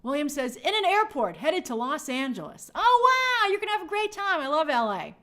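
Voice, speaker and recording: A woman's voice: sits high, sing-song, normal speed, pushed and bright. A woman hosting a livestream, chatting casually and reading viewer comments aloud in an upbeat way. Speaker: livestream host reading chat. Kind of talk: casual live chat.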